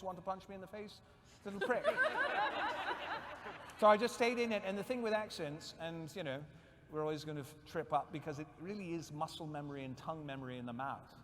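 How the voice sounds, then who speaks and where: A man's voice: on the high side, slight background noise. A man talking animatedly and playfully as an actor on a convention panel. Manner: animated, playful, slips into voices. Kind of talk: casual panel chat. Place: large convention hall. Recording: echoey convention hall.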